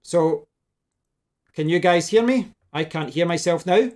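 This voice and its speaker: A man's voice: a little high, unhurried, a little mellow. A man hosting a casual tech tutorial, talking through a hands-on demonstration at his home desk, restarting sentences as he works the gear. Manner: talks while demonstrating gear, thinking aloud with restarts. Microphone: desk microphone, switching between mics.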